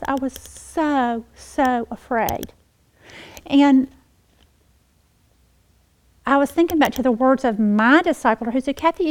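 A middle-aged woman giving a personal testimony during a Bible lesson, telling her story with emotion, dropping to a hush at times and rising to animated bursts at others. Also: high-pitched, low-quality recording. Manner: emotional storytelling, swings between hushed and animated. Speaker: women's Bible teacher.

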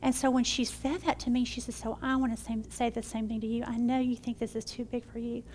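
A woman's voice: fairly high pitch, quick pace, a little hiss or hum. A middle-aged woman, telling a faith story and leading a prayer in a devotional teaching. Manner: warm storytelling, shifts between excited and hushed. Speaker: Bible study teacher.

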